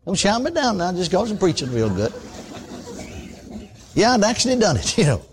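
A man's voice: sits high, sing-song, moderate pace, a little mellow, a little hiss or hum. An older man, preaching a sermon in a folksy, conversational storytelling way, full of asides and repeated words.

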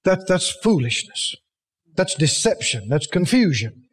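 A man's voice: high-pitched, very animated, unhurried, breathy edge, in a large hall. A man preaching a sermon, emphatic, asking the congregation rhetorical questions.

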